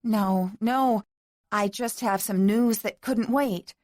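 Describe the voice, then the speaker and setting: A woman's voice: medium pitch, slow pace, darkish tone, no room sound, voice pushed up, lightly acted. A woman voicing an emotional young bride-to-be who sounds pleading and close to tears. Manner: pleading, tearful.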